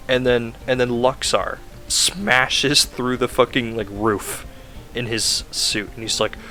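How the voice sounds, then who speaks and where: A man with a bright, forward voice, talking through a game's story off the cuff. He rambles, leans on "like" constantly and corrects himself as he goes. Soft music plays faintly underneath. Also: mid-range voice, level tone, measured pace. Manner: rambling, full of "like" fillers, self-correcting. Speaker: video game reviewer. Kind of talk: casual rambling plot recap.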